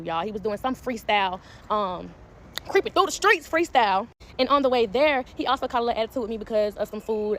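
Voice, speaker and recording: A woman's voice: on the high side, slight background noise. A young woman telling a gossipy story to her phone camera, calling her viewers y'all. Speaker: storytime vlogger. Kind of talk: casual storytime chat to camera.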